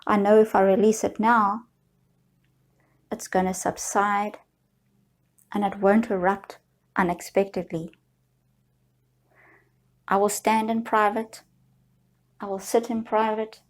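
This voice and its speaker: A middle-aged woman coaching listeners through a guided self-help exercise, speaking slowly in a soothing, gently encouraging way. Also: mid-range voice. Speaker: healing coach.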